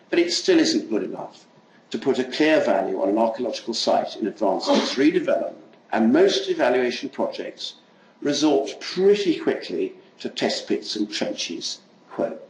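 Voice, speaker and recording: An older man giving an academic lecture, reading a prepared text in a measured way with occasional asides. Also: medium pitch, darkish tone. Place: lecture hall. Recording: echoey lecture hall, faint noise.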